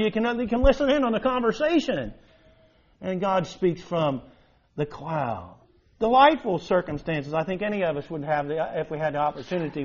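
A man preaching a sermon in an animated way, with emphatic rises and rhetorical questions. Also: a little high. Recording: dull lo-fi recording.

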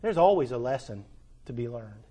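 A man preaching a sermon, swinging between loud urgent appeals and soft hushed asides, drawing out words for emphasis. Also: medium pitch, big pitch swings, normal speed.

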